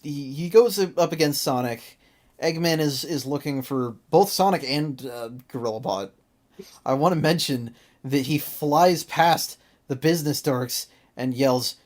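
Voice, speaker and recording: An animated podcast host talking through a cartoon episode with co-hosts in relaxed review chat. The voice sits at an ordinary middle pitch and moves from flat recap to sudden incredulous outbursts, with frequent laughs. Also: a little slow. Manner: animated, exasperated, laughs often.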